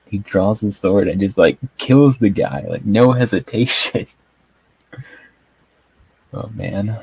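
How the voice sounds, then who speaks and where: A man's voice: on the low side, fairly even intonation, takes it slowly, pauses often, dark tone, husky, rough recording. A man chatting casually as he reviews a TV episode, rambling with lots of fillers and frequent chuckles. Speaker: TV show reviewer. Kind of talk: casual video review chat.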